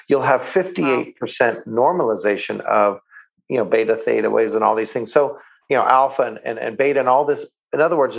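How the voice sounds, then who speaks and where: Enthusiastic male guest, gravelly voice, muffled lo-fi sound. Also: mid-range voice. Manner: enthusiastic, repeats words when starting sentences. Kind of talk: interview answers, storytelling.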